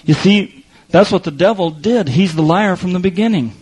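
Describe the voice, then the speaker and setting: High-voiced male preacher. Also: normal speed, hardly any pauses, breathy edge, rough recording. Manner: preaching with swings between loud emphasis and hushed asides. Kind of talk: sermon.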